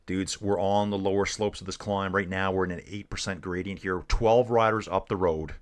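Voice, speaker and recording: A man's voice: sits low, steady tone, normal speed. A middle-aged man from Canada giving casual live race commentary while chatting with viewers, calling them dude and guys. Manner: laid-back, calls viewers dude and guys. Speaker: streamer and cycling commentator.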